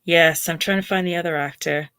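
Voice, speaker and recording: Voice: medium pitch, steady tone, fairly quick, pushed and bright, smooth. A speaker in a casual chat, mostly agreeing with brief interjections and naming actors.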